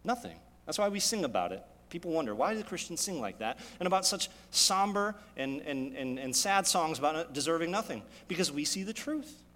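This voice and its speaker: A man preaching a sermon as pastor, with big swings between loud, raised passages and quiet, low asides. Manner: dynamic preaching with sharp swings in loudness and pitch. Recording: long reverb of a large hall.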